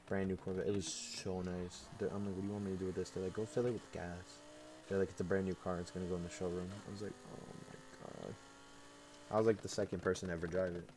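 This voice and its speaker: A man's voice: sits low, noisy background. A young man streaming, telling a work story in casual chat with lots of laughs. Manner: animated storytelling with frequent laughs.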